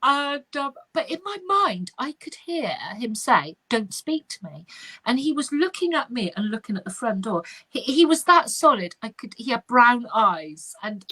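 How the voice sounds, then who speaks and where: A middle-aged woman, a spiritual medium telling an animated story in casual chat. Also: a little high, moderate pace, hardly any pauses, breathy edge. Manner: animated anecdotal, chatty with fillers.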